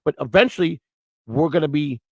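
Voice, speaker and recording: A man with a fairly high, brisk voice hosts a live-stream morning show, rambling through unscripted chat in a blunt, crude way and restarting his words over and over. The recording is rough, with no room sound.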